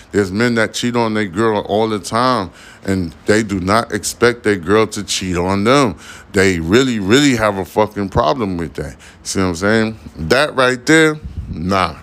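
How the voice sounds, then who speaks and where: A man's voice: fairly low pitch, a bit bright. A young man hosting a podcast, rambling casually in a profane, slang-heavy monologue. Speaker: podcast host.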